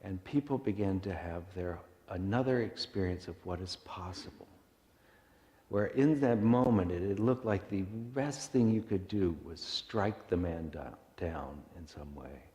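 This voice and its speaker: Reflective preacher, low voice, echoey church. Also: male voice, a little slow, dark tone. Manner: reflective, earnest, with small restarts. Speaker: minister. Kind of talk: sermon, meditation storytelling. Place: church sanctuary.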